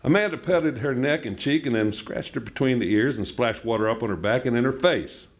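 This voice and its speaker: A man reading a novel aloud at a book event in an unhurried, plainspoken way. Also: mid-range voice. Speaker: reader.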